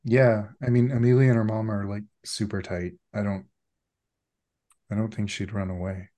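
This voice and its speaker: A man narrating a tabletop role-playing game as game master, in a measured, deliberate way. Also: on the low side, flat delivery, dark tone.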